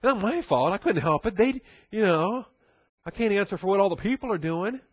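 A man's voice: sits high, expressive, a little fast, breathy edge, dry recording, muffled recording, pitched above the performer's own voice. A man voicing a defensive ancient king who stammers out excuses and whines that nothing is his fault. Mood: whining. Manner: whiny, flustered, stammering.

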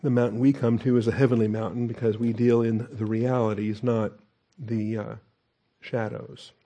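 A middle-aged pastor preaching in a relaxed, conversational way and dropping in joking asides. His voice is mellow and dark. His pitch sits in the ordinary middle range for a man. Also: moderate pace. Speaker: pastor teacher. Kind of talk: sermon.

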